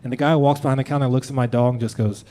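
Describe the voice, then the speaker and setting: A young adult man from Denver, Colorado, doing a stand-up comedy set with a calm, precise delivery and quick asides to the crowd. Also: mid-range voice. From Denver, Colorado, USA. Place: comedy club stage with audience. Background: audience laughter.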